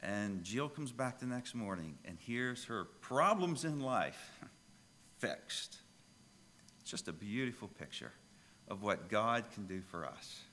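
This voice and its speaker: A pastor preaching a sermon, telling a children's story with lively, emphatic delivery. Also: male voice, fairly low pitch, slow, long reverb tail.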